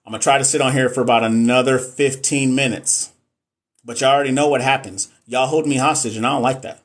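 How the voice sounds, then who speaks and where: A man's voice: mid-range voice, steady tone, quick pace. Chatty man on a live stream. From Texas. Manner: chatty, jokey, reads and answers viewer comments. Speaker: nurse educator hosting a live stream. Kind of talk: casual live-stream chat.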